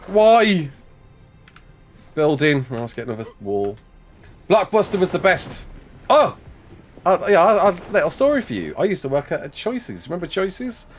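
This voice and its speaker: A man in his thirties chatting casually with his livestream chat while building in a game, reacting with laughs and sudden outbursts. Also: on the high side.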